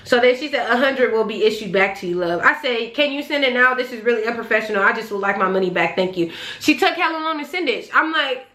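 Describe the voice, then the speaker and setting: A young woman telling a story to her vlog in a casual way, animated and exasperated, swearing freely as she recounts it. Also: a little high, quick pace. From California, Bay Area region. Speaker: vlogger. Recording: echoey room.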